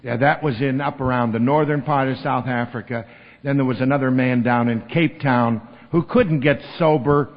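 A man spins a long story at a meeting, lively and acting out each person he quotes. His voice sits at an ordinary middle pitch. The recording is dull and lo-fi, with a long hall reverb trailing each phrase. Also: moderate pace. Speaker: speaker at a recovery meeting. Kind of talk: storytelling talk.

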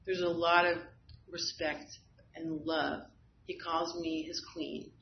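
At a recovery meeting, a woman shares a candid, self-deprecating personal testimony, often laughing at herself. Her voice is on the low side, flat and slow, and the lo-fi recording sounds slightly dull with a little hiss or hum.

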